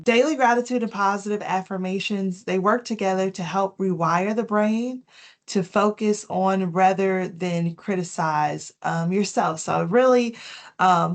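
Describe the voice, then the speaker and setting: In a gentle, explanatory manner, a woman with an ordinary middle-pitched voice gives a health education lesson. She goes through prepared wellness tips and explains each in plain language, dropping casual fillers as she goes.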